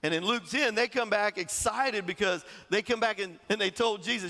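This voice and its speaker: A man preaching a sermon, telling stories in an animated way and often chuckling as he talks. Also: high voice, normal speed, few pauses, in a large hall. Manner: animated storytelling, chuckling, acting out quotes. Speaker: pastor.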